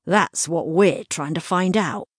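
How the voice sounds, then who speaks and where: A woman's voice: fairly low pitch, slow pace, slightly rough, no room sound, clean studio sound, pitched above the performer's own voice. A woman voicing a reluctant, by-the-book male police inspector in a children's storybook, weary and formal.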